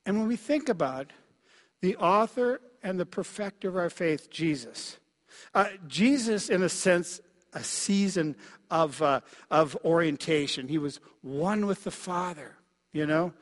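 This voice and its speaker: A middle-aged man from Minnesota preaching a sermon as pastor, reflective and halting, with frequent fillers and soft dips in his voice. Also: sits high. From Minnesota, USA. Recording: long reverb of a large hall.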